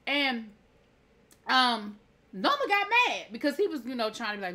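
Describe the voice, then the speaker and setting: A TV show reviewer gives a casual episode recap in a high, sharp voice with big pitch swings, talking fairly quickly. She's opinionated and heated, throwing in rhetorical asides and acting out scenes in quoted dialogue.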